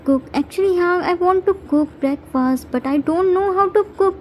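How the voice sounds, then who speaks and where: A woman's voice: very high voice, normal speed, slight background noise. A woman doing a whiny babyish young man. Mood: cutesy pleading. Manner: cutesy baby talk, whiny pleading.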